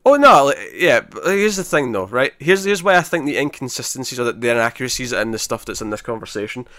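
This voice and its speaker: A man, co-hosting a podcast in casual chat, retelling scenes in an animated way with many restarts. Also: medium pitch, fast, dry recording, studio quality. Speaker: podcast co-host.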